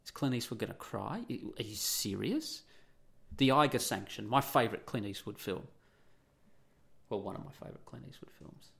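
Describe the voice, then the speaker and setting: A man's voice: fairly low pitch, expressive, normal speed, gravelly, a bit bright. A middle-aged man hosting an opinionated monologue, blunt and profane, firing off rhetorical questions.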